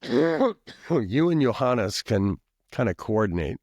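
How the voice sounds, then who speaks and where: Here a man's low-leaning voice carries an animated, moderate-paced delivery, captured in studio quality with no room sound. He is a pastor and professor from Minnesota, guesting on a podcast and spinning out a long, meandering personal story with side comments and repeated coughing.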